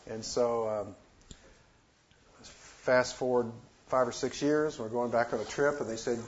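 A man telling a personal missionary story in a casual, halting way, with many fillers and restarts. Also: medium pitch, steady tone. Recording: dull lo-fi recording with faint noise.

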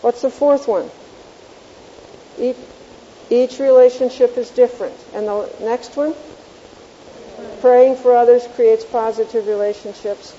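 A woman teaches a Bible class in a deep, mellow, rounded voice, telling homely stories with little self-mocking chuckles. She quizzes her listeners on each point. The tape sounds dull and lo-fi, with a faint hiss underneath. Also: fairly even intonation, measured pace, big-room sound.

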